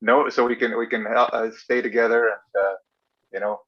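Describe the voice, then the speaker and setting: A man from Canada hosting a casual livestream chat, easygoing and halting, with lots of fillers. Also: mid-range voice, fairly even intonation. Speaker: livestream host. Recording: muffled lo-fi audio.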